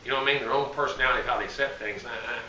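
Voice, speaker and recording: Man, head coach at a presser, folksy, rambling, self-correcting; sharp bright tone, heard from afar in an echoey room. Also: medium pitch, fairly even intonation, racing, distant mic, slight background noise. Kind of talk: press conference answers. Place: media day press room.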